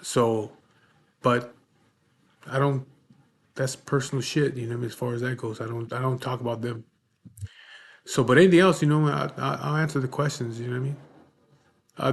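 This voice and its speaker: A vlogger in his forties answers viewers' questions in a casual vlog, blunt and frank, swearing often and frequently asking "you know what I mean." His voice is medium-pitched.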